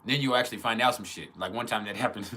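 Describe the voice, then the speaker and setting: Bright-toned man cracking crude jokes. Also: lowish voice, fast talker. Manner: profane, joking, laughs often; acts out quotes in other voices. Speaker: astrology teacher. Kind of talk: casual monologue on astrology.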